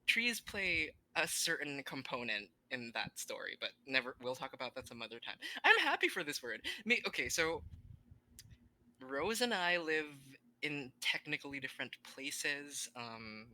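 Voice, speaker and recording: A podcast co-host in casual chat, excitable and breaking into loud, high laughs. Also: moderate pace, rough recording.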